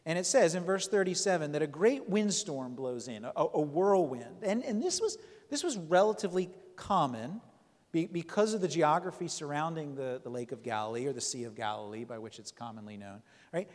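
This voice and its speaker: A man's voice: fairly high pitch, long reverb tail. A man preaching a sermon, reading scripture aloud and explaining it in a conversational way, often checking in with "right?" and restarting phrases.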